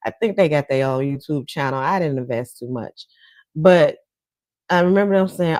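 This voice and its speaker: In casual commentary chat on her livestream talk show, a woman gossips with viewers and laughs between points. Her voice sits low with a darkish tone and moderate pace, and there's no room sound.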